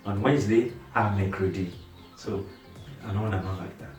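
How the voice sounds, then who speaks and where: A man teaching a beginner language lesson, speaking slowly and patiently and repeating each word so learners can practice along. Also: fairly low pitch, a little mellow, roomy sound, far from the mic, faint music behind. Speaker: French teacher.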